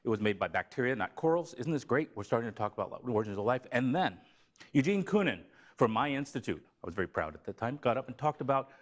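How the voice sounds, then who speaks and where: A man from Tennessee giving a seminar talk in a lively, joking way. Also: medium pitch, quick pace. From Tennessee, USA. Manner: animated, joking, slips into a put-on Southern drawl for a gag. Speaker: seminar speaker. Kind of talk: lively academic lecture. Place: lecture room.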